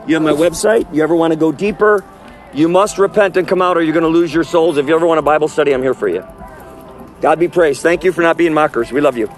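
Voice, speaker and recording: A man preaching outdoors on a city street, emphatic and forceful, his voice climbing high when he exhorts. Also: quick pace, soft background music.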